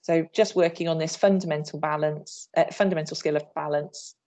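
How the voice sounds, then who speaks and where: This English PE trainer presents an online session for teachers via video call, cheerfully demonstrating moves as she explains them. Her low, darkish voice is steady in tone and brisk.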